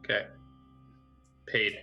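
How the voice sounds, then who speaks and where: A man's voice: slow pace, music in the background. Easygoing guy playing a tabletop game, far from the mic, echoey and muffled. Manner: easygoing, laughs often. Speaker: player. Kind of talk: casual tabletop game chat.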